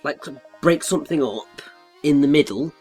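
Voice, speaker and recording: A man's voice: a little high, animated, normal speed, a little mellow, slightly rough, faint music behind. A man chatting casually as a game co-commentator, explaining things at rambling length.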